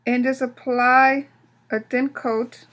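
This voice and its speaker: A woman's voice: high voice, little pitch movement, takes it slowly, a bit bright. A woman hosting a craft tutorial, explaining each step casually while she works, often restarting her sentences. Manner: casual, talks while working, frequent restarts.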